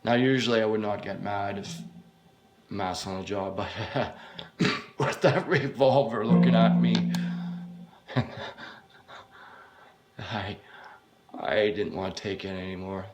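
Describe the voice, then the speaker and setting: A man's voice: fairly low pitch, slow, pauses often, darkish tone, soft background music. A man telling his own horror story in the first person without a script, casual and profane, stumbling over words as he goes.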